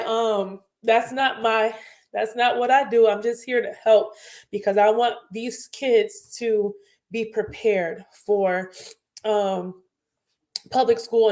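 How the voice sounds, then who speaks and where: A woman's voice: mid-range voice, creaky, darkish tone. A young woman teacher and host talking earnestly and passionately in a casual panel chat, rambling with many fillers.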